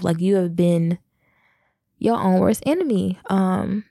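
A woman's voice: fairly low pitch, normal speed, creaky, dark tone, no echo, clean studio sound. A woman in her thirties talking candidly to her viewers in a personal vlog, confessional and direct. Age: 30s. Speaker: vlogger.

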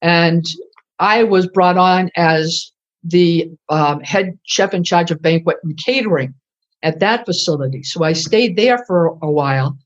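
A woman's voice: fairly low pitch, unhurried. An older woman, a retired culinary instructor telling stories in an interview and acting out old conversations. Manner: animated storyteller acting out dialogue. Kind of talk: oral history interview. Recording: dull lo-fi recording.

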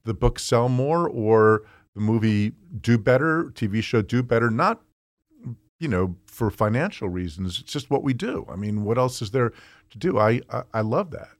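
A man with a New Jersey accent, chatting as a guest in an interview, talking fast and telling stories with animation. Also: medium pitch, lively intonation, no room sound, clean studio sound. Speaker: guest author. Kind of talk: casual interview chat.

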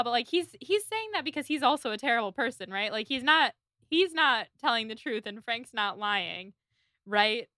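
A woman's voice: a little high, very animated, moderate pace, pushed and bright, no echo, studio quality. A woman co-hosting a podcast, chatting casually and summarizing a story's plot with playful asides. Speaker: podcast co-host. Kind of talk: casual book-club chat.

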